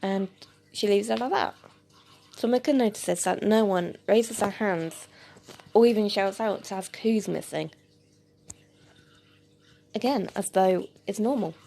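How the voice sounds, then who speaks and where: A woman reads a homemade audio story aloud, in a low-key, gravelly voice with a mellow, dark tone. She stumbles now and then on small fillers and keeps her delivery plain. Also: measured pace, pauses often. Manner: plain reading with hesitant fillers. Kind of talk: amateur audio story narration.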